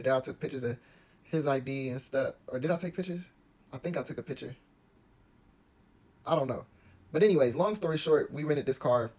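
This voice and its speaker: Slangy young man telling a story. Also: mid-range voice. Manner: slangy, rambling, full of asides. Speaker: storyteller vlogger. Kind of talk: casual storytime. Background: faint guitar music.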